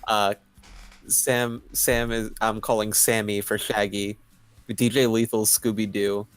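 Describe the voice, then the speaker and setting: Low-voiced young man in casual chat. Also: little pitch movement, slow pace, clear, resonant tone, no room sound. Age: young adult. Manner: rambling, restarts, chuckles. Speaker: stream co-host. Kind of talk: casual chat while writing.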